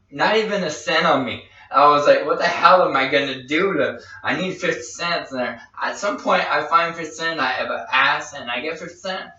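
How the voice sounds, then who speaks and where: A man's voice: on the high side, bright, forceful tone. A man telling a long, rambling personal story in a casual chat, restarting his sentences and acting out quoted dialogue. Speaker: podcast host. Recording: echoey room, distant lo-fi mic.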